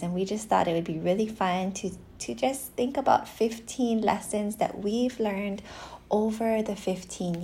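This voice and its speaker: A woman's voice: mid-range voice, slight background noise. A woman in her thirties chatting casually on a podcast with her husband, laughing often and acting out quoted voices, recorded on a phone at home. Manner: giggly, animated storytelling with put-on quoted voices. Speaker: podcast co-host. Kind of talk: casual chat. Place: home in Hawaii.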